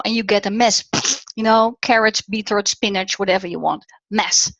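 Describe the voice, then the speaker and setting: A middle-aged woman with a Dutch accent giving an online talk on public speaking, animated and dipping to near whispers for emphasis. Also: medium pitch, normal speed, no room sound. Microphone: video call. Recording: dull, dry online audio.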